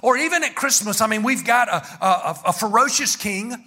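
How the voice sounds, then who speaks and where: A man preaches to his church, his voice riding high and ringing bright. He talks animatedly and keeps calling on the people to say key words back with him. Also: normal speed, breathy edge. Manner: animated, calls the congregation to repeat words. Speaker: pastor. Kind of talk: sermon.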